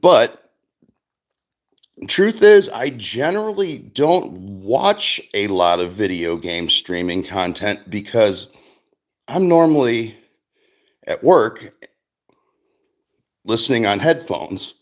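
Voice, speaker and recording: A man's voice: fairly low pitch, expressive, takes it slowly, pauses often. A middle-aged man hosting a stream, rambling through a casual chat with lots of swearing and frequent laughs. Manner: rambling, profane, laughs often. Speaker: streamer host.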